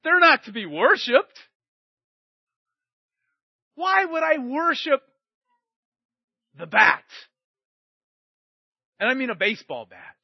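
A middle-aged man preaching a sermon, swinging between shouted emphasis and quiet storytelling. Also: extremely high pitch, sing-song, slow pace, vocal fry, pauses often, breathy edge, no echo. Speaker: pastor. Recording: dry, muffled recording.

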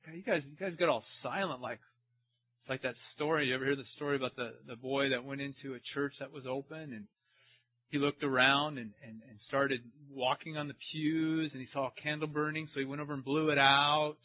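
A man's voice: mid-range voice, brisk. A man preaching a sermon and asking his congregation questions as he goes. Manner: animated, asks the congregation questions. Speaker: pastor. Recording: tinny, phone-like sound.

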